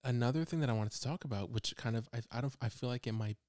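A man co-hosting a casual podcast, telling stories in a loose, rambling way and restarting his sentences often. His voice sits in a middle pitch and sounds close to the mic in a dry room. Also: quick pace, darkish tone, no room sound. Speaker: podcast co-host. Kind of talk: casual chat.

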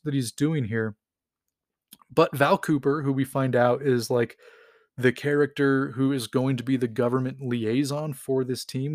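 A man's voice: medium pitch, darkish tone, no room sound, clean studio sound. A man casually retelling a story in a rambling, enthusiastic way, with lots of fillers. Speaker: comics recap host.

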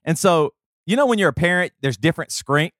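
A man's voice: fairly high pitch, lively intonation, brisk, a bit bright, dry recording, clean studio sound. A man in his thirties co-hosting a podcast, talking casually with many fillers and restarts. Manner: rambling, talkative storyteller with many fillers. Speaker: podcast co-host. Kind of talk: casual chat and host-read ad.

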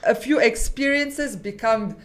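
Woman with a Namibian accent, earnest debater in casual talk, somewhat high voice. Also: measured pace. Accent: Namibian English. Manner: earnest, argues her point. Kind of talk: casual podcast chat.

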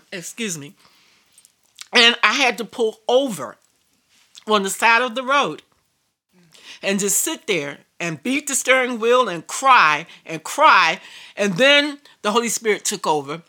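A woman's voice: medium pitch, expressive, slow, pauses often, sharp tone. A woman preacher telling a personal story in a sermon, emphatic and repetitive. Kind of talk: sermon testimony.

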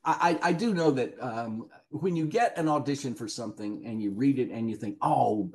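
Speaking at a moderate pace with a medium-pitched, animated voice, this Southern-accented actor is a guest on a relaxed podcast. He's a chatty storyteller who laughs a lot.

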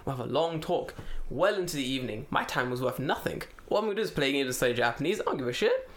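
A man's voice: mid-range voice, fast. A man telling a story in casual, profane chat, acting out the other people as he retells it. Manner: animated, profane, acts out voices in retelling. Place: lives in Japan.

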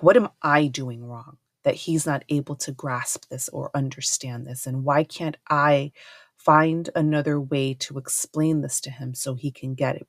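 A woman's voice: low voice, no echo, studio quality. A woman hosting a podcast, telling a personal parenting story in an earnest, reflective, conversational way that often asks "right?". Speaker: podcast host, homeschooling parent.

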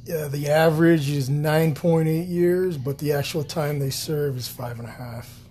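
A man's voice: a little high, fairly even intonation, moderate pace, dark tone. A man co-hosting a podcast in casual chat, blunt and profane with dry wisecracks. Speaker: podcast co-host.

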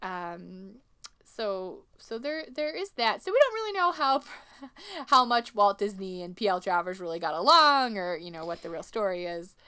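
Woman, podcast co-host, casual chat, acts out quotes, smooth and clear. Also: medium pitch, big pitch swings, moderate pace, bright, forceful tone. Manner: chatty, retells scenes with quoted voices. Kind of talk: casual movie recap chat.

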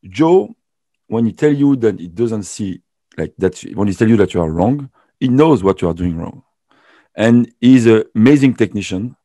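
A man hosting an interview, halting and searching for words, with non-native phrasing. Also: fairly low pitch, expressive, warm tone, no room sound. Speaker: podcast host. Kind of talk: casual interview.

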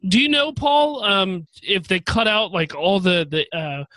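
A man's voice: high voice, unhurried, bright, forceful tone, no echo. A man co-hosting a casual chat show, talking in loose rambling bursts and often repeating his first words. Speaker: podcast co-host.

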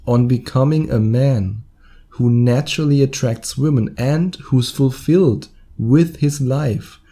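A man with a German accent talks through his podcast alone, in his thirties. His voice is very dark and mellow, at a middle pitch. He keeps it chatty and chuckles at his own mistakes. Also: a little slow. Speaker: podcast host. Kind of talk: solo podcast monologue.

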